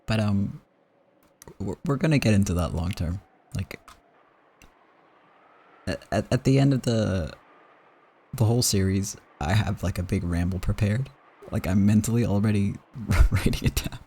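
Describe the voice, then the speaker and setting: A man's voice: on the low side, measured pace, pauses often, dark tone, slightly rough. A man hosting a game playthrough, talking casually in a rambling, stammering, emotional way. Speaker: let's play host.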